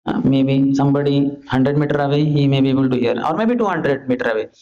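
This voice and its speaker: A man's voice: medium pitch, quick pace. Man, preacher, rhetorical, acts out calls, muffled lo-fi recording. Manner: animated, rhetorical questions, acts out shouting and pleading. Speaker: preacher giving a scripture class. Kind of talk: lecture on scripture. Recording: dull lo-fi lecture recording.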